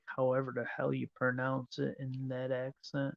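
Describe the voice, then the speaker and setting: A man chatting casually on a livestream, musing aloud in a slow, wandering way while he looks over a map. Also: medium pitch, completely flat delivery, creaky, dull audio.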